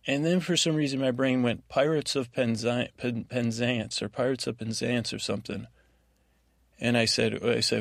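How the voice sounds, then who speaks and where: A man hosting a sleep podcast, rambling through a TV episode recap in a halting, meandering way full of restarts. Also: medium pitch, fairly even intonation, vocal fry, no echo, studio quality. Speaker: podcast host.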